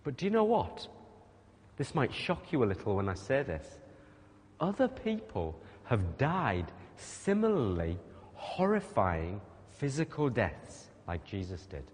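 A man preaches with an animated, swooping voice, leaning hard on his points and asking the congregation questions. His words ring out with the long reverb of a large hall. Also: mid-range voice, measured pace. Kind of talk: sermon.

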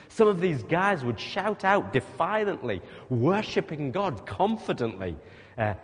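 A man preaching a sermon, speaking emphatically and putting rhetorical questions to the congregation. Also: medium pitch. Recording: long reverb of a large hall.

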